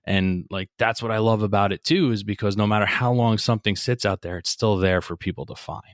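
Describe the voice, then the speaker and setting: Blunt New man, low voice. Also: fairly even intonation, fairly quick, no room sound, studio quality. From northern New Jersey. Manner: blunt, opinionated, swears freely. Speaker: podcast host. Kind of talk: casual interview chat.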